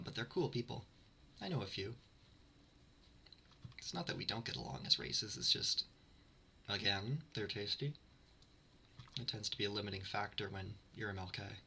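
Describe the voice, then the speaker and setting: Bright, husky-voiced man with a lively pitch. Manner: dry, sarcastic asides with self-mocking jokes. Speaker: streamer. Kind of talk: livestream chat while reading lore aloud.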